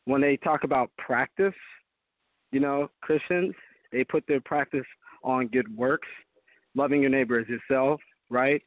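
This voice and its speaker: A man with a mid-range voice speaks a little slowly and pauses often, appearing as a Christian apologist guest on a call-in show. He is emphatic and preacherly in this talk-show debate. The call comes through tinny phone-line audio with no room sound.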